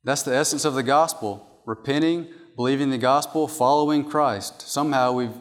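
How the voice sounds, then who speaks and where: A man's voice: medium pitch, moderate pace. A man preaching a sermon from an outline, emphatic and repeating his key points. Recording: long hall reverb.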